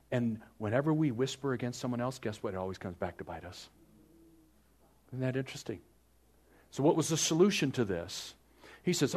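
A man preaching a sermon, telling stories and acting out grumbling people in raised voices. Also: normal speed. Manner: lively storytelling preacher, acts out complainers in higher voices. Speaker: pastor.

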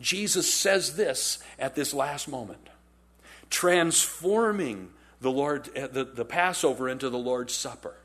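A man preaching a sermon in a conversational, animated storytelling way, often repeating phrases for emphasis. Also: mid-range voice, a little slow. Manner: animated storytelling, acts out quotes in character. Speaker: pastor.

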